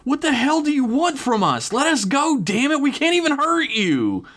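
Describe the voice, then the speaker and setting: A woman's voice: high-pitched, big pitch swings, normal speed, fairly bright tone, voice pushed up. A man voicing a fierce, defiant young woman with psychic powers, screaming in fury. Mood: furious screaming. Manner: screaming, furious.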